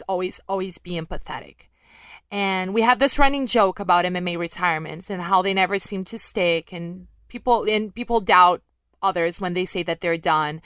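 A woman's voice: lowish voice, fairly bright tone, clear, resonant tone, no room sound. A young adult woman, an MMA journalist, answering listener questions in a candid, self-deprecating, chatty way. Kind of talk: casual chat, reading out questions.

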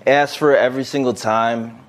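A young man co-hosting a podcast, talking in crude, casual banter and often breaking into loud laughter. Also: mid-range voice, a little fast. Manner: lively, laughs hard, animated. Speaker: podcast co-host.

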